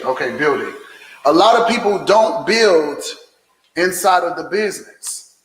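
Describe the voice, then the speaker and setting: A man giving an emphatic, preachy motivational business talk on a livestream, repeating phrases and sometimes shouting. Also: high voice, animated, unhurried, breathy edge, in a large hall. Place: indoor room filming himself on several cameras.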